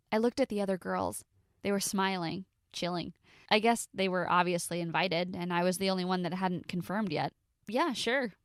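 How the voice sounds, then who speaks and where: A woman in her twenties narrating a first-person story in a confessional tone, with dramatic pauses. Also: on the low side, no echo, studio quality.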